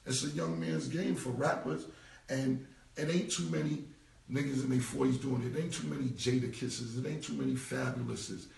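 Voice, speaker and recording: A man's voice: mid-range voice, steady tone, moderate pace, gravelly, darkish tone. Forty-something guy going off on a phone live, keeps repeating himself, echoey room, mic kinda far. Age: 40s. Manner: emphatic, repeats himself, slangy and profane. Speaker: rapper responding on a livestream. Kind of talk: casual rambling livestream rant. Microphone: phone held away. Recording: roomy echo, voice away from the phone mic.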